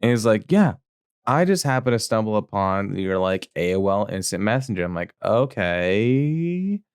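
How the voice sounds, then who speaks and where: Guy on a podcast rambling through a crude story, low-ish voice, smooth, dry close mic. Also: a little fast, no echo. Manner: rambling, crude, full of fillers; acts out quotes in raised voice. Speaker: podcast co-host. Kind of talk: casual podcast chat, storytelling.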